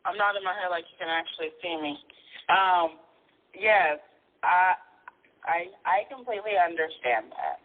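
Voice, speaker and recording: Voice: mid-range voice, animated, moderate pace, long pauses. Candid caller on a tinny phone line. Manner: candid, chatty. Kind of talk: casual phone chat.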